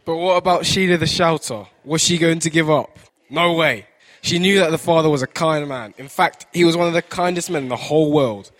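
Easygoing male narrator for a church kids' story, slightly high voice. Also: a little fast, fairly bright tone. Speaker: children's story teller in church. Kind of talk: read-aloud storytelling.

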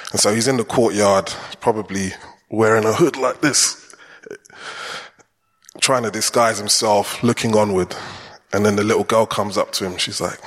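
A man's voice: lowish voice, normal speed, a bit bright. A man preaching a chatty, conversational sermon in a church and putting questions to the congregation. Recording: long church hall reverb.

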